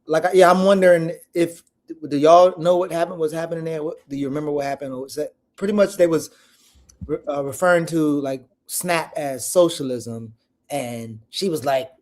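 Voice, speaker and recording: A man panelist with a slightly raised pitch speaks on a political talk show. He talks haltingly and restarts often, using informal slang and casual phrasing as he works toward his question. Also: darkish tone.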